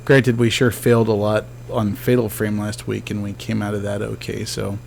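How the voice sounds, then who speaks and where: A man's voice: on the low side, flat delivery, normal speed, gravelly, a little hiss or hum. A man giving casual let's-play commentary as a game streamer, chatty and joking, talking back to the ghosts on screen.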